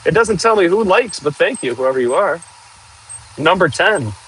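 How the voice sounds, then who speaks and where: A man hosting a casual outdoor livestream, chatting and joking with viewers while clearing trees with a machine. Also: sits high, lively intonation, normal speed, a bit bright, slight background noise, low-quality recording. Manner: chatty, jokey, talks to viewers while working. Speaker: livestream host.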